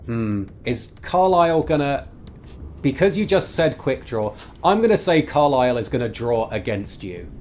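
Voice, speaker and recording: A man's voice: medium pitch, very animated, moderate pace, a little mellow, slight background noise. A man narrating as game master of a tabletop game, thoughtful with many fillers.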